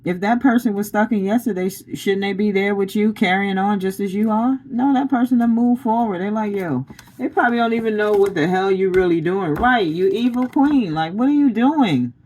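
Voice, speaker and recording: A woman tarot reader gives a loose spiritual pep talk. She is blunt and preachy, with plenty of slang and frequent laughter. Her voice sits at a middle pitch. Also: brisk, few pauses, a little mellow, low-quality recording.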